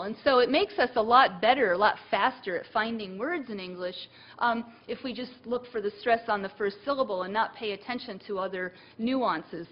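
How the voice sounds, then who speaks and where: A woman's voice: mid-range voice, dull audio. A woman giving a university lecture, thinking aloud with many fillers and restarts.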